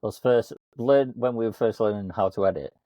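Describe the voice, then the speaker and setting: Deep voiced guy co-hosting a podcast, jokey about himself, dry close sound. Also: fairly quick, dark tone, no room sound. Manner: self-mocking, laughs often. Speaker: podcast co-host, coach. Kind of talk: casual chat.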